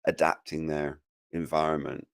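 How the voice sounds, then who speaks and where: A man's voice: rumbling low, flat delivery, normal speed, creaky, smooth, no room sound, clean studio sound. A man as a podcast guest in casual chat, musing aloud with many restarts. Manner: musing, stammering restarts, laughs easily.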